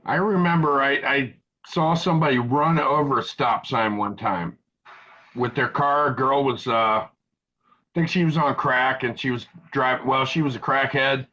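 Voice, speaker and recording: Joking male host, bright lo-fi voice. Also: mid-range voice, moderate pace. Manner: joking, rambling, crude humor. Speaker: show host. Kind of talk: casual live-stream chat.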